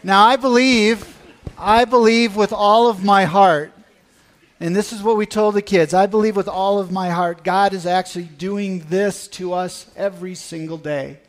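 In a high, fairly even voice and at a measured pace, a man gives an earnest sermon at church about a mission trip. He also leads the congregation through a hands-on exercise.

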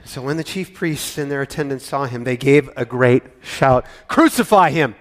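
A man narrating a dramatic scripture reading with expressive, varied emphasis. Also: medium pitch, moderate pace. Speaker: scripture reader.

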